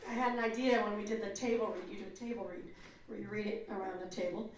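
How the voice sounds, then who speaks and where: A woman's voice: mid-range voice, fast, slight background noise. A woman actor answering fan questions at a convention panel, joking and acting out voices as she tells stories. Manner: jokey, animated storyteller, acts out voices. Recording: very echoey room, from far off.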